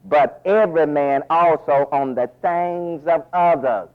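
A man preaching a folksy, animated sermon full of asides, recorded as a dull lo-fi radio broadcast. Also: a little high, measured pace, hardly any pauses.

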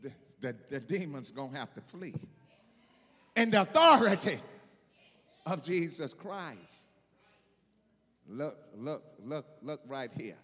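A man preaching an emphatic sermon, repeating phrases and building to shouted peaks. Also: medium pitch, animated, slow pace, slightly rough, long reverb tail. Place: church.

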